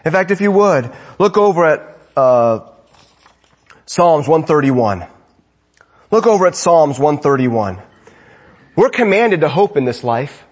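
Husky-voiced pastor with a lively delivery. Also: male voice, a little high, normal speed. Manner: conversational, asks the congregation rhetorical questions. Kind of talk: sermon.

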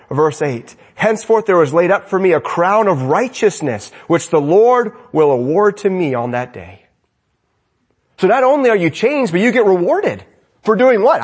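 A man preaching a sermon with fervent energy, swinging between loud exclamations and hushed lines. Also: on the high side, breathy edge.

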